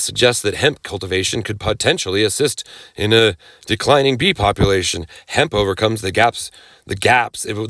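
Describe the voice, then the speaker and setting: A man gives a casual, rambling lecture and keeps restarting his sentences. He breaks off for coughs and throat clearing and drops sarcastic asides along the way. His voice sits at a middle pitch, recorded dry and up close. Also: a bit bright, dry recording. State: occasional coughing. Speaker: cannabis rights lecturer. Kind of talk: casual lecture over slides.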